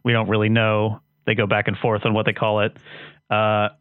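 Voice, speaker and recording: Male podcast co-host, low voice, rambling casual recapper; dry phone-line audio. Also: completely flat delivery, moderate pace, clear, resonant tone, no room sound. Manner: rambling storyteller with many fillers and restarts. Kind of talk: casual chat. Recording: dry, tinny phone-like sound.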